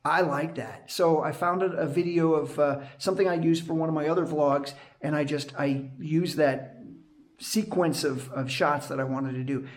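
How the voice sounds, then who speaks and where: A middle-aged man talks straight into an action camera in a loose, rambling vlog chat. His voice sits a little high for a man, and he laughs easily between thoughts. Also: steady tone, moderate pace. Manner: chatty and rambling, laughs often. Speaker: vlogger and night guard.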